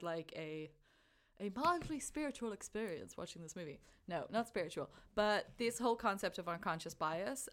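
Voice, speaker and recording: A young woman chats casually about a film in a smooth, lowish voice, animated and talkative as she acts out her own thoughts in quotes.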